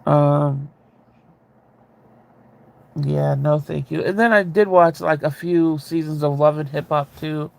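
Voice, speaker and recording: A man chatting casually with viewers, rambling and candid, with a ready laugh and a gravelly voice. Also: a little high, steady tone, slow pace, long pauses. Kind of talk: casual chat.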